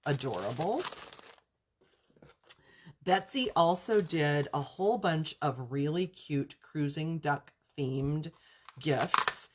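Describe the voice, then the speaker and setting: Low voiced lady on a crafting live chat, chatty and gushy, says so cute a lot. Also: lively intonation, slow pace, pauses often. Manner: gushing, chatty, lots of "so cute" and "I love this". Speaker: crafting channel host. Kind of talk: casual live chat showing craft gifts.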